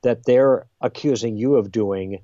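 A man guest on a podcast, explaining ideas in a lively conversational way and acting out exchanges. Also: medium pitch, measured pace, no echo, dull audio. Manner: lively, role-plays exchanges with emphasis. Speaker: guest author.

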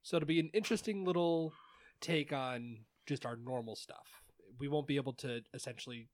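A man's voice: mid-range voice, normal speed, dry recording. Laid-back man hosting a podcast. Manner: laid-back, many ums and uhs. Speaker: podcast host. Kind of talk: casual sports podcast chat.

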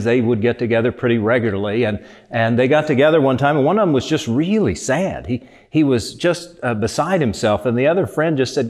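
A man's voice: medium pitch, a little mellow. A man giving a reflective motivational talk in a conversational way, often putting rhetorical questions to his listeners. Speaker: speaker.

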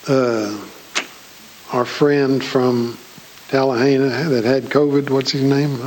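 A man's voice: mid-range voice, steady tone, takes it slowly, a little hiss or hum, poor audio. A man preaching a sermon in church, folksy and joking with his congregation. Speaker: pastor.

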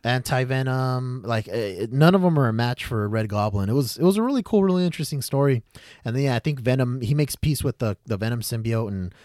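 A young adult man hosting a podcast, chatting excitedly and rambling, with lots of fillers and swearing. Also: mid-range voice, fairly quick, dry recording, clean studio sound. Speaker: podcast host. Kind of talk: casual chat.

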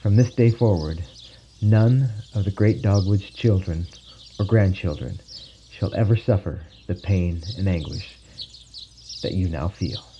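A man voicing a gentle male holy teacher who speaks softly, tenderly and reassuringly, on a dull lo-fi recording. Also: sits low, measured pace, noisy background.

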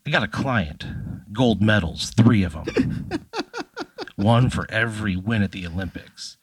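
A man's voice: fairly low pitch, huge pitch swings, measured pace, breathy edge, full character voice. A man voicing a terse, hard-boiled male detective in clipped lines.

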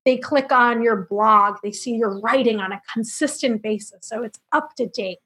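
A bright, high-pitched woman in her thirties answers interview questions with upbeat energy. She tells her story briskly, with quick asides and frequent light laughter. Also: breathy edge. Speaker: marketing firm founder, podcast guest.

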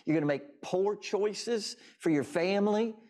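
A man's voice: high voice, a little slow, darkish tone. An American man hosting a call-in show, preaching in an impassioned, emphatic way, repeating his phrases for effect. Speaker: host.

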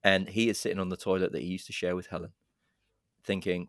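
A lower-pitched man chats on a podcast, walking through a horror film scene by scene with lively, profane enthusiasm. His voice sounds close and dry, with no room around it. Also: quick pace, no room sound. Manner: animated storyteller, swearing, puts on dramatic voices for quotes. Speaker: podcast co-host. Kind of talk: casual chat, retelling a film plot.

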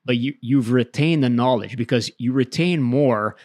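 A man's voice: medium pitch, moderate pace, a little mellow, no echo. A man explaining things in a dry, close voice. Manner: explains at length, often tags "right?". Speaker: podcast co-host. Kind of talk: casual debate chat.

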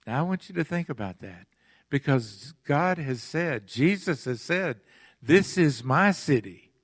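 A man delivers a sermon at an unhurried, deliberate pace, leaning into earnest questions for his congregation. His voice sits at an ordinary middle pitch and sounds close and dry, with little room echo. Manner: earnest preaching with pleading questions and long pauses. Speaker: pastor. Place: church sanctuary.

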